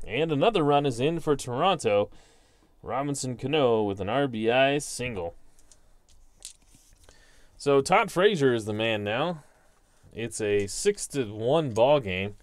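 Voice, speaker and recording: With no room sound at all, this mid-range male voice belongs to a man running his own channel. He reads out dice results from a tabletop baseball simulation and narrates each one in broadcaster style, now and then poking fun at himself.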